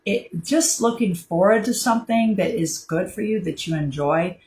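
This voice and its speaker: A woman speaking to viewers about handling grief, in a gentle, rambling way with fillers and restarts. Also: mid-range voice, moderate pace, poor audio. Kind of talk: casual spoken advice to camera.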